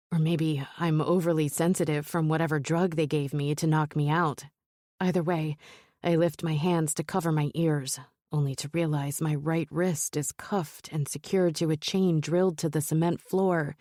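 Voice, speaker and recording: A woman narrating a romance novel in first person, in a measured, steady storytelling manner. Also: sits low, no room sound, studio quality. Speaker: audiobook narrator.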